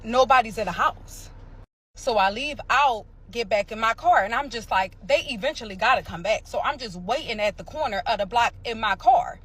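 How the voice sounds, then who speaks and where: A woman from the area, telling a dramatic personal story in a casual, animated way. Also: on the high side, normal speed, breathy edge. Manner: animated, dramatic retelling with sound effects and quoted voices.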